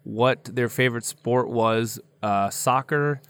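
A man's voice: mid-range voice, slow, fairly bright tone, clean tone, no room sound. A man co-hosting a casual show, joking and laughing as he introduces segments and chats with fans. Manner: joking, upbeat, laughs often. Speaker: podcast co-host. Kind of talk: casual chat and fan interviews.

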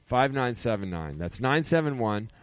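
A man hosts a live radio talk show in a relaxed, rambling way. He trips over his words, starts sentences over and chuckles at his own jokes. His voice is mid-pitched and sits close and dry on the studio mic. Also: moderate pace, no room sound. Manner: rambling, self-correcting, laughs at own jokes. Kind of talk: casual live radio chat. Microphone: studio microphone.

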